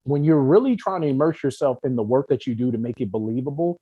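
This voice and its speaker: Animated young man, dry close sound. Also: mid-range voice, fast talker, slightly rough, no echo, dull audio. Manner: animated, talkative storyteller. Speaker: guest actor. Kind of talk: casual podcast chat.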